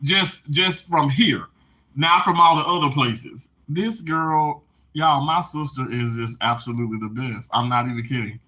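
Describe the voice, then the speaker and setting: Emotional, bright-voiced male live streamer. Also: medium pitch, unhurried. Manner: emotional, laughing and tearing up while reading chat. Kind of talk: casual live-stream chat.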